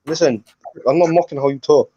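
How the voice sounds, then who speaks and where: Mellow, hesitant man on a dry line. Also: on the high side, brisk, breathy edge. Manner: hesitant, lots of ums, earnest. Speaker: live stream guest. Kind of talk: casual chat. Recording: dry, dull lo-fi call audio.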